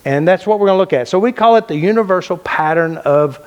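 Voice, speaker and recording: A man's voice: high-pitched, fast talker, clear, resonant tone, muffled recording. Emphatic man lecturing a class. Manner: emphatic, repeats key phrases, asks and answers his own questions; casual and blunt, with loose restarts. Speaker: teacher of a mind-body healing method.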